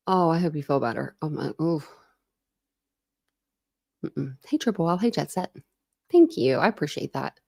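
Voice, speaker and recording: A woman's voice: low-pitched, wildly swooping pitch, moderate pace, gravelly, long pauses, warm tone. A woman in her thirties hosting a true crime livestream, chatting casually, laughing and greeting viewers by name.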